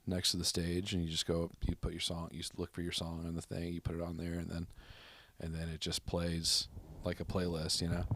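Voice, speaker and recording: A man hosting a podcast, telling rambling anecdotes in casual chat with an American accent and bursts of loud high-pitched quoting. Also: monotone, brisk. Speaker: podcast host.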